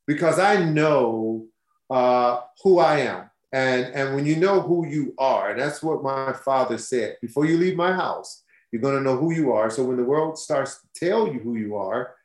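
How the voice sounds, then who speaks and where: A man near sixty, a singer being interviewed, telling stories expressively and acting out what people said, laughing as he goes. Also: mid-range voice. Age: 50s. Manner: expressive, laughing storyteller who acts out quotes. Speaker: guest singer. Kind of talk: animated storytelling interview. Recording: roomy echo.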